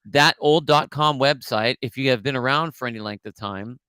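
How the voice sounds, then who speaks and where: A man's voice: medium pitch, normal speed, pushed and bright, smooth, no room sound. A middle-aged man co-hosting a podcast, rambling through an old memory in casual chat with frequent restarts. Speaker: podcast co-host.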